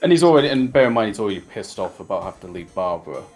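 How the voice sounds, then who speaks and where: A man's voice: fairly low pitch, very animated, rapid-fire, a little mellow, faint music behind. A man in casual chat, adding rambling asides full of fillers. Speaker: podcast co-host.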